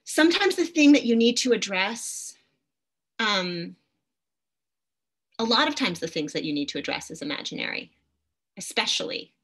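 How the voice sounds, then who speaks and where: A woman's voice: mid-range voice, sing-song, normal speed, long pauses, a bit bright, slightly rough. A middle-aged woman teaching a poetry masterclass, enthusiastic and reading poems aloud with expression. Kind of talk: masterclass lecture with poem readings.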